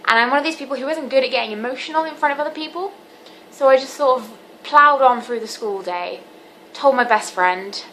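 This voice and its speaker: A seventeen-year-old woman talking candidly to camera in a personal vlog, earnest and halting with frequent ums. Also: sits high, a bit bright, slight background noise, rough recording. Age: teens. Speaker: vlogger.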